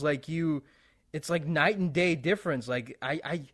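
A man's voice: a little high, moderate pace, fairly bright tone. A man interviewing in a casual chat, blunt and exasperated, repeating his words and swearing freely.

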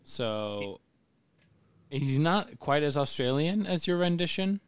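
A man hosting a casual book-club podcast, leading the talk in a dry, wry, gently teasing way. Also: a little high, big pitch swings, takes it slowly, clear, resonant tone, dry recording. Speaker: podcast host leading discussion.

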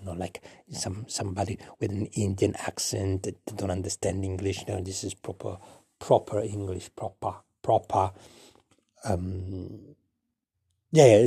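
A man's voice: lowish voice, warm tone, breathy edge. A man telling a playful, digressive story as a chatty male parrot narrator, rambling with many fillers and restarts.

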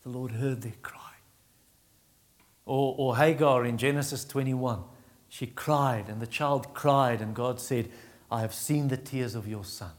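A man preaching a sermon, retelling Bible stories and acting out the characters' pleas, with frequent restarts. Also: big-room sound. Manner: acts out Bible voices in a raised pitch, quiet and slow on comfort; halting restarts while teaching.

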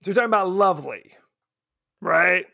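A man's voice: high-pitched, moderate pace, creaky, no room sound, studio quality. A man co-hosting a podcast, chatting casually and jokingly about a horror movie. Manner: joking, animated, teasing. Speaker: podcast co-host. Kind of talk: casual movie review chat.

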